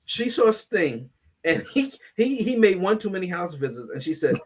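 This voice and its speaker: A man's voice: sits high, very animated, normal speed, slight background noise. A man hosting a casual movie review podcast. He talks in a playful, emphatic way. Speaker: podcast host.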